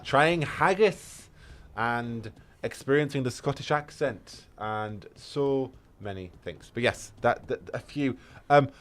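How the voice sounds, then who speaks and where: Male streamer, casual and eager, loose rambling delivery, plenty of ums and restarts. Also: on the low side. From England. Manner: rambling, enthusiastic, many fillers and restarts. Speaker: game streamer.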